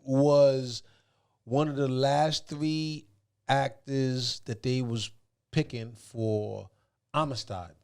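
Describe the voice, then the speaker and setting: A man, a guest in a casual podcast chat, telling stories in a loose, slangy, animated way. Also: mid-range voice, takes it slowly, clear, resonant tone. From the Bronx, New York. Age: 40s.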